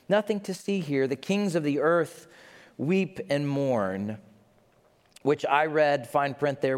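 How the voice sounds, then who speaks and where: A man preaching a sermon in an animated way, briefly acting out the people he talks about in quick put-on voices. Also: on the high side. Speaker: pastor. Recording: long hall reverb.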